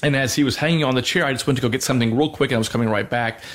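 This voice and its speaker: A man co-hosting a Christian show, speaking earnestly in a halting way, often restarting as he teaches and tells a personal story. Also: medium pitch. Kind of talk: faith talk with personal storytelling.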